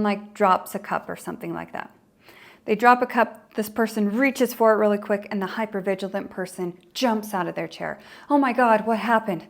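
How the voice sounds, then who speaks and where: Gravelly-voiced woman coaching podcast host. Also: mid-range voice. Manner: conversational, acts out quoted inner voices. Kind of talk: explanatory podcast talk.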